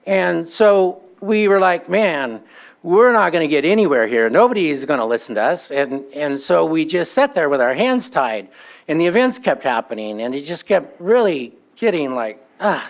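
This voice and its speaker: A man giving public comment at a county meeting, telling an aggrieved story and acting out the exchanges he quotes. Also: high-pitched.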